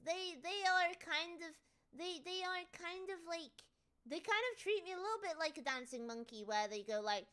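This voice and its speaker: A woman's voice: high voice, normal speed, bright, forceful tone. A British woman streamer chatting casually and jokily as she answers viewer questions. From United Kingdom. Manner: chatty, jokey, with many restarts and playful put-on voices. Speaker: VTuber streamer.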